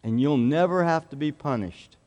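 A man's voice: a little high, moderate pace, a little mellow, in a large hall, highs cut off, close to an everyday voice. Jesus, tender and earnest, as a man puts him on. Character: Jesus, a gentle loving grown man.

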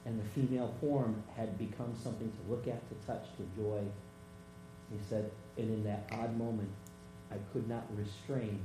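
A male pastor preaching a sermon through personal stories, halting and repeating words as he retells conversations. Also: fairly low pitch, steady tone. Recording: echoey room with mains hum.

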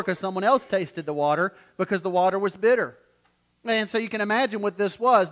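High-voiced animated male preacher. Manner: animated, acts out quotes, repeats words when starting phrases. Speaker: pastor. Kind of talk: sermon.

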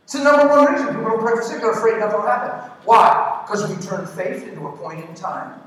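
A man's voice: high voice, lively intonation, quick pace, a bit bright. A man preaching a sermon with emphatic delivery, putting questions to the congregation and throwing in joking asides. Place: large church hall. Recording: echoey hall from far off.

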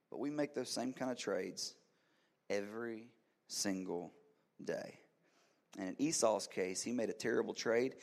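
A man in his thirties preaching a sermon in church, telling a story with lively swings from hushed lines to loud, emphatic ones. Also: medium pitch. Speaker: pastor.

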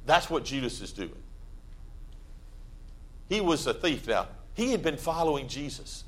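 A man preaching a sermon in a church, conversational and plain-spoken, with sudden loud emphatic bursts. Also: fairly high pitch, sing-song, a little slow. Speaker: pastor.

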